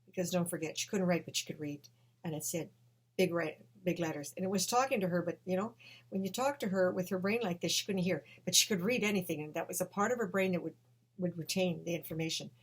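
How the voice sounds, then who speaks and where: A woman telling a personal story with emotion, swinging between hushed and loud. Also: on the low side, fast, slightly rough.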